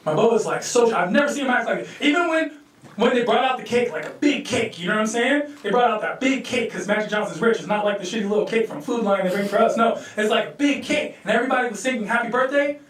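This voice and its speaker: Male stand-up, high voice, animated storyteller, echoey hall, distant mic. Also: quick pace. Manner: loose, animated storytelling, acts out quotes. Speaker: stand-up comedian. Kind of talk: stand-up comedy set. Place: live comedy venue.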